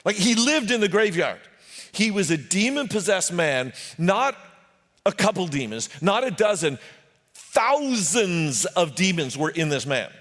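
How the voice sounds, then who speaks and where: Male pastor, lively storytelling sermon, higher voice, big swings in pitch, long church reverb. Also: a little slow. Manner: animated storytelling, acting out voices and jokes. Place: church sanctuary.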